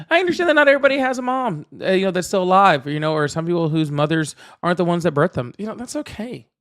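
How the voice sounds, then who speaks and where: A man hosting a live political debate stream, chatting casually and rambling to his viewers. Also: on the high side. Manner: rambling, repeats himself, talks straight to chat. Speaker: livestream political debate host. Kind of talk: casual livestream chat.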